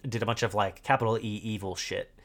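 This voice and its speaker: A man co-hosting a casual podcast, talking through game lore with halting, filler-heavy speech. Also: fairly low pitch, steady tone, fairly bright tone. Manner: halting, many fillers, thinks aloud. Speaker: podcast co-host.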